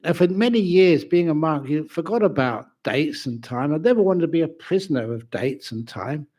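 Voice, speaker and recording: A man, a Buddhist monk, giving a humorous dharma talk at a university with animated storytelling. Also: on the high side, moderate pace. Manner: animated storytelling, laughs at own jokes. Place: university lecture venue.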